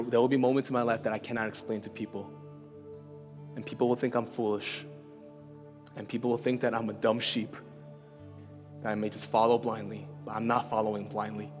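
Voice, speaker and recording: A man giving a sermon, telling a personal story in a casual, conversational way and often checking in with "right?". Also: on the low side. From New York. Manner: conversational, self-deprecating storytelling with frequent "right?". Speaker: preacher. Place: church hall. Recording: reverberant hall with soft music.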